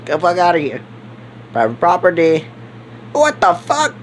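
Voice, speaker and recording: A man playing a character in a game, talking in rowdy, excitable outbursts full of swearing. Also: high-pitched, moderate pace, a little hiss or hum. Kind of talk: profane in-character game role-play.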